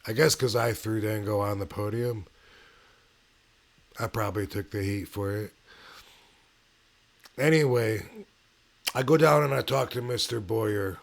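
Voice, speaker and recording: A man casually telling a personal story as host of his own channel, in a laid-back way with pauses and fillers. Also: lowish voice, vocal fry.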